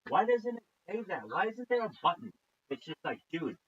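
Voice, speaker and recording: A man's voice: sits high, big pitch swings, normal speed, muffled recording, a little hiss or hum. Ranting, foul-mouthed male streamer. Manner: swearing constantly, mocking, loud outbursts. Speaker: streamer reacting to videos. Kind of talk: profane reaction rant.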